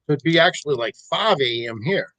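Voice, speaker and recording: A man as podcast host, making quick, chatty interjections in casual conversation. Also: fairly high pitch, expressive, fairly bright tone, no room sound, low-quality recording. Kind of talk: casual chat.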